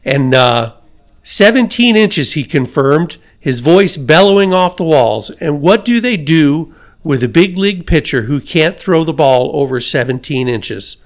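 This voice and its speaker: A man's voice: a little high, animated, unhurried. Man reading a story with chuckles. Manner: reads with asides and chuckles. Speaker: podcast host.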